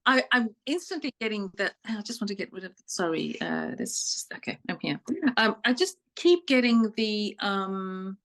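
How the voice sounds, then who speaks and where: A woman's voice: medium pitch, expressive, moderate pace, fairly bright tone. A woman from South Africa with a South African accent, appearing as a psychic guest on a talk show. She is chatty, laughs easily and repeats her phrases. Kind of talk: casual interview chat.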